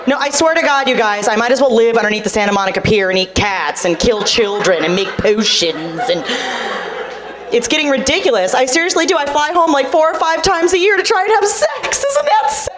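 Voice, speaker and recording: Rapid, animated woman doing stand-up. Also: sits high, crowd noise. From Boston. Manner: rapid, self-mocking, acts out other people's voices. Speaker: stand-up comedian. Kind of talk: stand-up comedy set. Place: comedy club stage. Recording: live club set with loud audience.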